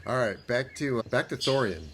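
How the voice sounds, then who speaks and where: A man running a tabletop game as game master, asking players quick questions with restarts and laughs. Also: a bit bright, slight background noise. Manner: quick questions, restarts, laughs, jumps to high goblin voices. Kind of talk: narrating a tabletop game, putting on guard voices.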